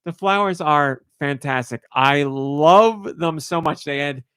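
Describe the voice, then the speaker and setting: A man's voice: fairly high pitch, slow pace, fairly bright tone, smooth, dry recording, studio quality. A man hosting a podcast, chatting casually and gushing with enthusiasm. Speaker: podcast host.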